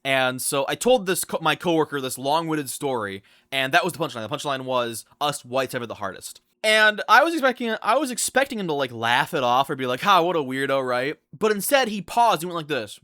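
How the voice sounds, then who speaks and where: A young man telling a storytime vlog in an animated, incredulous way, often restarting his sentences. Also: a little high, a little fast, hardly any pauses, dry recording, clean studio sound. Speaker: vlogger.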